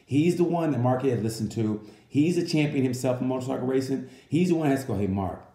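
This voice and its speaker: A man's voice: medium pitch, fast talker, reverberant. Rambling man in a comedy race review. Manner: animated, rambling, with restarts and asides. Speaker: comedian reviewing motorcycle races. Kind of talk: casual comedic monologue.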